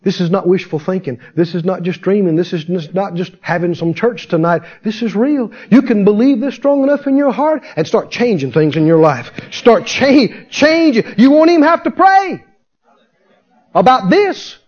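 A man's voice: high-pitched, expressive, normal speed, darkish tone, slightly rough. A man preaching a fervent sermon, firing rhetorical questions at his congregation and answering them himself. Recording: dull lo-fi sermon recording.

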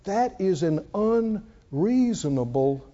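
High, lively male preacher, folksy. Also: takes it slowly. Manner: folksy, animated preaching with questions to the congregation. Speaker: pastor. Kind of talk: sermon. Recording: dull lo-fi recording.

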